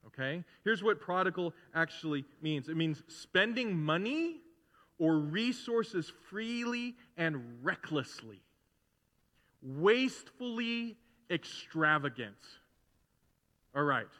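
A middle-aged man preaching a sermon as pastor in a conversational way, building to loud, emphatic repetition. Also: a little high, sing-song, takes it slowly. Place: church sanctuary. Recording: long hall reverb in a church.

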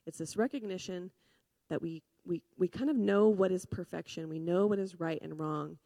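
A woman's voice: fairly low pitch, normal speed, vocal fry, no room sound. Earnest woman preaching, dry close sound. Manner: earnest and conversational, with filler words and restarts; swings between hushed grief and lively emphasis. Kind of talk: sermon.

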